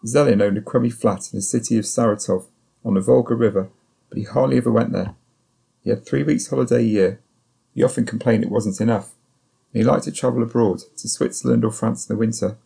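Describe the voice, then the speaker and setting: A male narrator reads a first-person novel in a measured, sombre manner. His voice sits low and is heavily gravelly, with a dark, husky grain. The delivery is steady and even. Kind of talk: audiobook narration.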